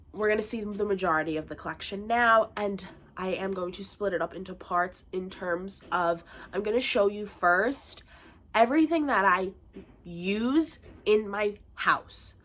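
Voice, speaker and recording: A woman's voice: medium pitch, a bit bright. A young woman with a nasal, congested voice from a bad cold, chatting casually in a home vlog with lots of fillers. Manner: chatty, rambling, with frequent fillers. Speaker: vlogger. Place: bedroom at home.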